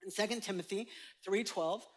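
In a church sanctuary before a live congregation, a male pastor delivers a sermon in a high-pitched, fairly bright voice at a moderate pace. He's conversational and emphatic, joking with the room.

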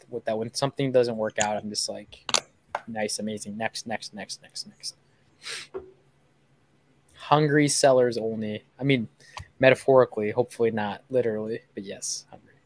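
A man's voice: mid-range voice, rough recording. A man in his twenties hosting a livestream while calling sellers, talking in a loose, joking, chatty way with viewers. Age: 20s. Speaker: host making seller calls on a livestream. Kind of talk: casual livestream chat. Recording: steady background noise.

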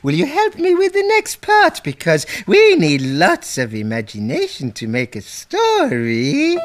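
A man's voice: high-pitched, huge pitch swings, measured pace, hardly any pauses. A man presenting a children's TV show in a playful, sing-song way. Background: music.

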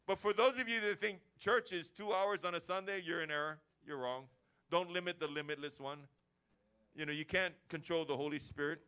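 A man preaching a lively sermon to his church, acting out everyday chats as he goes. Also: a little high, a little fast, clear, resonant tone. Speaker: pastor. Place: church service.

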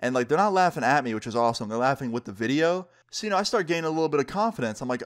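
A man YouTuber telling a storytime vlog with lively, acted-out dialogue. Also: mid-range voice, quick pace, hardly any pauses.

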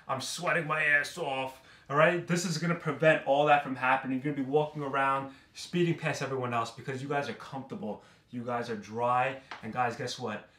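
A man's voice: mid-range voice, a bit bright. A young man from New York City casually reviewing a product, brash and joking as he talks straight to his viewers. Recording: roomy echo.

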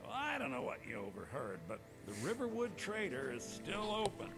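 An actor playing a harried, defensive male shopkeeper in a fantasy game, brisk and businesslike. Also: high-pitched, wildly swooping pitch. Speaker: game character. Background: game music.

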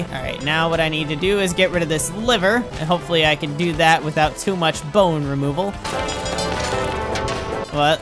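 A man giving excitable gameplay commentary, frantic, exclaiming and laughing at himself as he plays. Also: on the high side. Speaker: gaming commentator.

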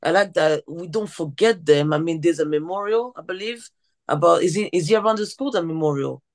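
A woman's voice: lowish voice, brisk, a little mellow. A woman who works as a teacher, hosting a podcast interview, enthusiastic and often restarting her sentences. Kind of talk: conversational interview.

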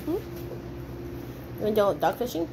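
A woman's voice: mid-range voice, very animated, normal speed, creaky. A woman who breeds dogs, talking to her puppies in playful sing-song baby talk, cheering and praising them while she films in an indoor puppy pen. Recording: noisy room with puppies.

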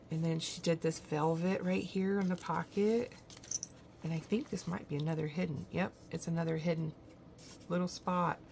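A craft channel host with a low voice and vocal fry gushes admiringly while showing off handmade gifts indoors in a show-and-tell unboxing vlog. There's a little hiss or hum in the audio.

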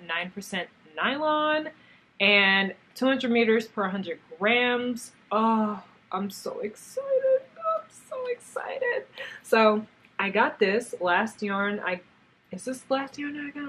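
A young woman casually chatting in a crafts vlog, gushing and excitable as she shows off yarn and talks to it and her viewers. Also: mid-range voice, slight background noise. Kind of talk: casual haul vlog chat.

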